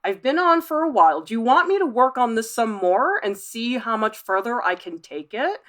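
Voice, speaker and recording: A woman art professor hosting a livestream, reading viewer comments aloud and chatting back in a lively, laughing way. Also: on the high side, normal speed. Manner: chatty, animated, laughs often.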